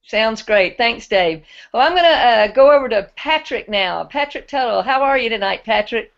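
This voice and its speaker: Friendly high-voiced woman hosting an online hangout, muffled audio. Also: lively intonation, moderate pace, vocal fry. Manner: friendly, chatty, Southern-style speech. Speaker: host of a web hangout. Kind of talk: casual chat. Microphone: video call. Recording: muffled web call audio.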